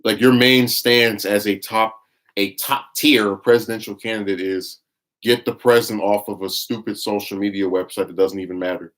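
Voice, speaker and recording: A man's voice: fairly low pitch, steady tone, normal speed, a bit bright. A man giving blunt, scornful live-stream commentary, reading viewer chat and rambling with frequent restarts. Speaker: livestream commentator.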